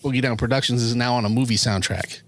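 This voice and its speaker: A man co-hosting a casual podcast, who laughs easily and chimes in with memories. His voice has an ordinary, middle pitch. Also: steady tone, fast talker. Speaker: podcast co-host. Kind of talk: casual chat about hip hop records.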